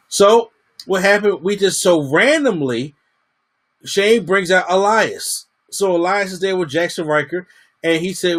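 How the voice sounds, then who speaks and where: A man's voice: high-pitched, normal speed. A man giving a casual, slangy wrestling review, acting out what the wrestlers said. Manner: animated, slangy, acts out quotes.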